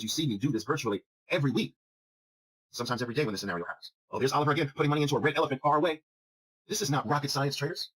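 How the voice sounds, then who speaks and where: Emphatic, fast husky male trading teacher. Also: medium pitch, fairly bright tone, rough recording. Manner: emphatic, drills points with repeated questions. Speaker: trading instructor. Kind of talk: recorded chart lesson.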